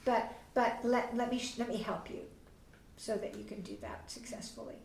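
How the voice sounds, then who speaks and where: A woman's voice: on the high side, moderate pace, a little mellow, a little hiss or hum. A woman teaching a parenting class, coaching parents and acting out short sample talks with a child. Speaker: parenting instructor. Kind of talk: parenting class, answering questions. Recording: echoey room, mic at a distance.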